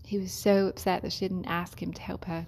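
A woman's voice: on the low side, little pitch movement, fairly quick, darkish tone. Chatty woman care worker, storyteller, laughs a lot, drops to whispery asides. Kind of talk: casual storytelling.

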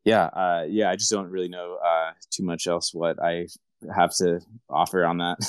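A man with a very deep voice co-hosts a live audio chat. His tone is smooth and close, with no room sound. He talks in a laid-back, hesitant way full of fillers. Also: level tone, moderate pace, dry recording. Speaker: co-host.

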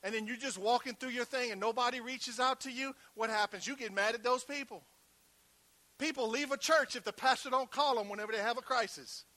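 A male pastor preaching a sermon, shifting between loud emphatic calls and hushed, near-whispered passages, with conversational call-and-response asides to the congregation. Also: very high voice, a little fast, dry recording.

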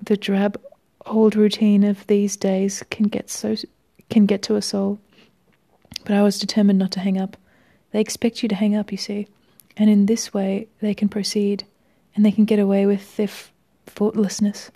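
A woman reading a first-person story aloud in a wry, measured way, sometimes dropping to a hush. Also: mid-range voice, monotone. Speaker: reader.

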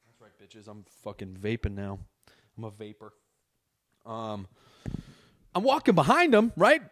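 A man's voice: lowish voice, a little slow. Profane young man ranting on a podcast. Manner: profane, swears constantly; animated, exaggerated storytelling. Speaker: podcast host. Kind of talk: casual solo podcast rant. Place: indoors, seated on a couch.

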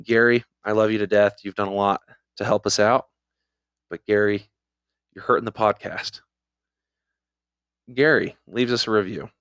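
A man co-hosts a laid-back podcast, spinning anecdotes and reading reviews out loud. His voice sits on the low side and is recorded dry and close on a studio mic. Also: fairly even intonation, moderate pace, pauses often, clear, resonant tone, no echo. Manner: storytelling, reading listener reviews aloud. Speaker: podcast co-host. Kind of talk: casual podcast chat.

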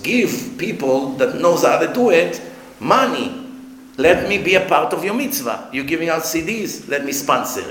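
A man preaching a sermon with a high, bright voice. He drives each point home with rhetorical questions and plain, direct phrasing. The sound rings around a roomy space. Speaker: religious teacher. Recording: roomy echo.

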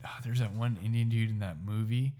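A man co-hosting a casual chat, loud and laid-back, saying "dude" a lot. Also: fairly low pitch, fairly even intonation, brisk, a little hiss or hum.

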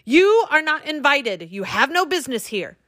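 Squeaky haughty tiny fairy king, woman reader doing him, barks orders slowly, dry close sound. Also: sing-song, bright, forceful tone, no room sound, heavily acted. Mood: commanding.

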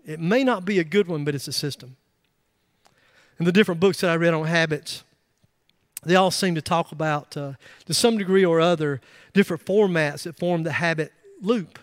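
A middle-aged man with a high-pitched voice preaches a sermon to his congregation. He talks emphatically, climbing into loud bursts and dropping in joking asides. His voice is picked up close and dry. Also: normal speed, dry recording. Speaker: pastor.

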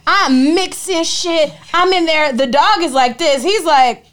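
A young adult woman co-hosting a podcast, telling stories in a lively, profane, casual way. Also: high voice, measured pace. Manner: animated, profane storytelling. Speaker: podcast co-host. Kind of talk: casual chat.

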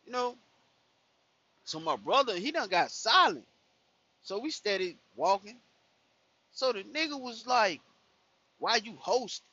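A man's voice: high voice, very animated, a little slow, pauses often, bright, forceful tone, highs cut off. A young man telling a profane story in casual chat from his car, full of "you know what I'm saying". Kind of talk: casual storytelling while driving.

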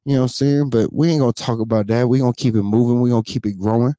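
A man's voice: mid-range voice, fairly even intonation, racing, mellow, no echo, studio quality. A man in his thirties ranting emotionally to camera, profane and repetitive, tearful and sighing, again and again asking if you know what he means. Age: 30s. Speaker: vlogger. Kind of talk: emotional unscripted rant to camera.

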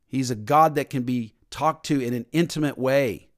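A man's voice: mid-range voice, normal speed. A man preaching a sermon as pastor, emphatic and repetitive, sometimes mimicking stiff formal prayers.

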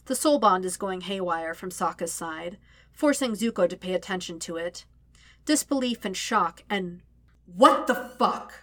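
A woman reading a story aloud as narrator, with steady, even storytelling. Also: on the low side, moderate pace, no room sound. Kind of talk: audiobook-style fan fiction reading.

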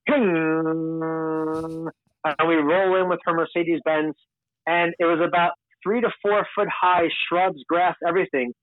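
A man's voice: fairly high pitch, fairly even intonation, normal speed, no room sound. Male podcast guest from Long Island, candid rambling storyteller, dry tinny audio. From Long Island, New York. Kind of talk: casual storytelling. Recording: tinny, dry phone-like sound.

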